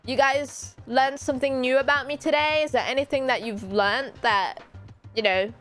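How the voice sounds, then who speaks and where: A British woman streams as a VTuber, chatting casually and playfully, laughing, teasing her viewers, and often breaking into high squeals and giggles. Her tone is steady and a bit bright at a moderate pace, with faint music behind her.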